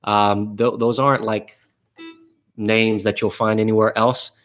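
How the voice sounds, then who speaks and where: A man's voice: fairly low pitch, little pitch movement, a little slow, fairly bright tone. A man teaching a live online guitar class in a casual, rambling way, with many fillers and restarts.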